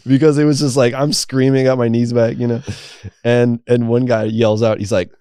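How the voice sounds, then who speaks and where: A man's voice: medium pitch, normal speed, clear, resonant tone, no room sound, clean studio sound. A man, a guest on a podcast, telling a personal story casually with lots of laughter and swearing. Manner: animated, laughing often, profane. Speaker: podcast guest, coaching program founder.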